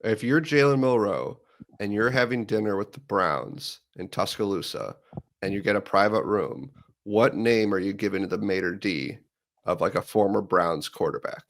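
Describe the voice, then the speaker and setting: A man talks football casually in a fairly low voice. He spins long, joking hypotheticals in a playful way. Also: moderate pace. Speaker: sports podcaster. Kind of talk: casual sports chat.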